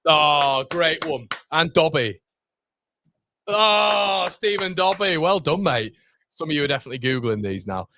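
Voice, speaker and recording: A man chatting excitedly on a live stream, reacting to the chat and the football match as he watches. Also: a little high, unhurried, vocal fry, slight background noise.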